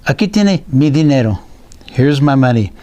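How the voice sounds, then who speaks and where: A man voicing an eager, honest young boy in a children's storybook tale, with excited, high piping calls. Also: moderate pace, close to an everyday voice. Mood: earnest.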